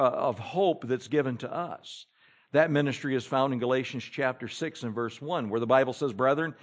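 A man preaching a sermon, moving between loud exhortation and hushed pleading, and reading scripture in an old-fashioned cadence. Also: on the high side. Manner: emphatic, rising and falling between loud exhortation and pleading hush.

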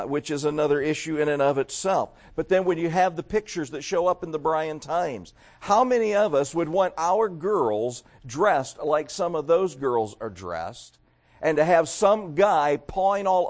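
A middle-aged man preaching a sermon, talking straight to his congregation and swinging from loud emphatic peaks to quieter asides. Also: fairly high pitch. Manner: emphatic preaching with rising and falling loudness; addresses the congregation directly. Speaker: pastor.

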